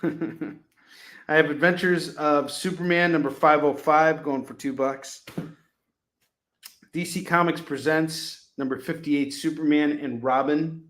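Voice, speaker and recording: A man hosting a casual live shopping stream, pitching comic books with rambling jokes and laughing at himself. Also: fairly even intonation, takes it slowly, long pauses, fairly bright tone, reverberant. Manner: jokey, rambling, laughs at his own jokes.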